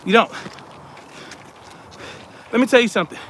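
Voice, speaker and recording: Male streamer, high voice, blunt casual talk to his chat, faint traffic noise behind. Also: bright, forceful tone. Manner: blunt, conversational, drawn-out emphasis. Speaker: live stream host. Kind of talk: casual live-stream chat reading comments.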